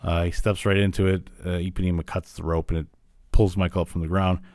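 A man's voice: deep voice, level tone, fast talker, a little mellow, dry recording, clean studio sound. A man from Illinois hosting a podcast, retelling a cartoon episode in a casual, rambling way with lots of fillers. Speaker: podcast host.

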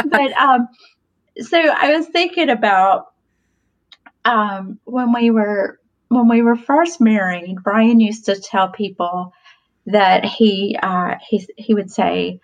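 Her voice sits on the high side and she speaks a little slowly: a woman in her forties sharing stories as a podcast guest in a casual conversation, laughing often and full of fillers. The recording is muffled.

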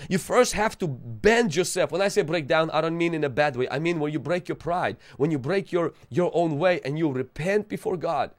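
A man preaching a sermon with passion, swinging between fervent outbursts and quieter urging, mixing casual slang into his preaching. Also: on the high side. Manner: impassioned, rising and falling intensity, calls to the audience.

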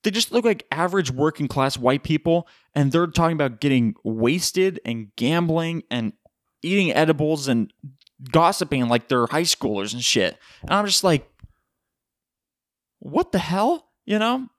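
A man hosting a solo podcast, telling a story in a rambling, profane and animated way. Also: on the high side, normal speed, dry recording, clean studio sound. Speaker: podcast host.

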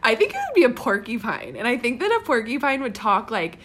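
A woman with a higher, bright voice chats casually. Her pitch swings widely and she reacts with teasing humor. She giggles often as she talks. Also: wildly swooping pitch, brisk, slightly rough. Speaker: co-host. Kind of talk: casual chat.

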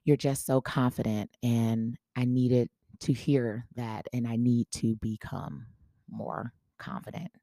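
Female podcast host, storyteller who acts out dialogue, low mellow voice, dry close sound. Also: little pitch movement, takes it slowly, dry recording. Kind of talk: casual storytelling.

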